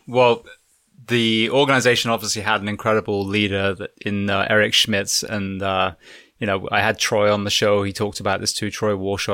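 A male podcast host asks his questions in a measured, halting way. His voice is low and stays flat and even. The recording is dry and close. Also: no room sound. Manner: measured, searching for words. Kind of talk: interview questions.

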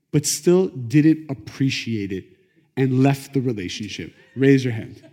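A middle-aged man teaching a class on Kabbalah, telling stories in a lively conversational way. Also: medium pitch. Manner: animated, conversational, acts out quotes. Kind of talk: lecture storytelling. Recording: echoey lecture hall.

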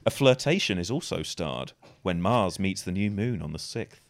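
A man's voice: low-pitched, expressive, normal speed. A man co-hosting a podcast, reading articles aloud with dry, wry asides in casual banter.

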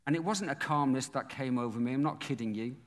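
A man's voice: mid-range voice, quick pace, in a large hall. A man, a pastor preaching a sermon who animatedly acts out the scenes of his story.

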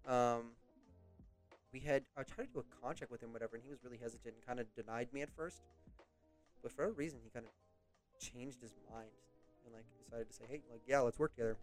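A man's voice: medium pitch, fairly quick, long pauses, soft background music. A young British man rambling through a story in casual podcast chat, swearing and laughing often. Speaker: podcast host.

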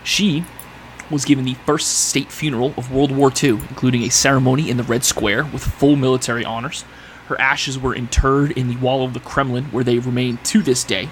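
A man's voice: mid-range voice, fairly even intonation, a little fast, slight background noise. Man reading history on a podcast. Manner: reads facts aloud, then riffs and laughs. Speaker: podcast host presenting history. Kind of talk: casual podcast chat.

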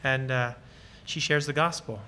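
There's a little hiss or hum behind this guest speaker on ministry, a man from Lancaster County, Pennsylvania, whose mid-range voice is steady, unhurried, and sharp in tone. His talk is earnest and enthusiastic, with audience questions, personal stories, and short snippets of acted-out dialogue.

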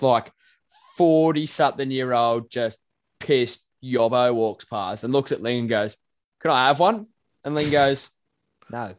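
A young Australian man co-hosting a casual podcast, telling lively anecdotes and acting out the people in them. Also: medium pitch. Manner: animated storyteller, voices people in anecdotes. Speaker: podcast co-host. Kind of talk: casual chat.

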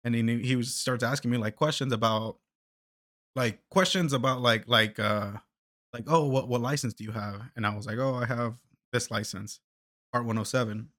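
A man's voice: medium pitch, fairly even intonation, normal speed, fairly bright tone, dry recording, clean studio sound. A man telling a story in casual podcast chat, swearing a lot, stammering on repeated words and laughing. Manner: profane, laughing, many restarts and stammers.

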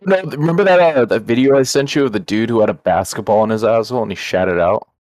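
A deep-voiced man chats casually on a podcast, quick to react with excited remarks. The sound is dry and close, with no reverb. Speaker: podcast co-host. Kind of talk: casual chat.

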